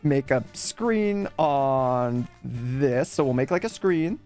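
A man's voice: medium pitch, animated, takes it slowly, darkish tone, soft background music. A man hosting a gaming video, chatting casually and narrating each stroke as he draws, with playful mock announcer bits. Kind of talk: casual commentary while drawing.

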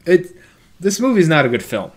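A man's voice: on the high side, very animated, normal speed. Wry man in casual podcast chat. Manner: wry, sarcastic humor. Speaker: podcast co-host. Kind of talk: casual movie review chat.

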